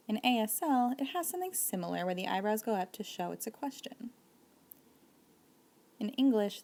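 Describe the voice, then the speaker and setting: A woman's voice: medium pitch, creaky, a little mellow. A woman teaching a casual video lesson, explaining patiently and giving spoken examples. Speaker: sign language teacher.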